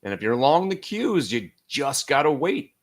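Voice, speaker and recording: Brash, excitable male trading host. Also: mid-range voice, normal speed. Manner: brash, joking, excitable swings in loudness. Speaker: day trading stream host. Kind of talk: live trading commentary.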